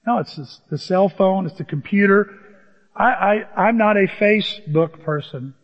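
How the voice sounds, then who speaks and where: High-voiced pastor in a reverberant church. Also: male voice, normal speed. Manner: conversational, humorous, rises to emphatic peaks. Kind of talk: sermon. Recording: dull sound with long church reverb.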